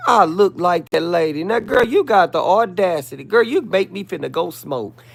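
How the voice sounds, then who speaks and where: A man's voice: sits high, animated, normal speed, creaky. A man hosting a live stream, sassily and theatrically roasting a commenter in mock-pleading asides. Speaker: livestreamer.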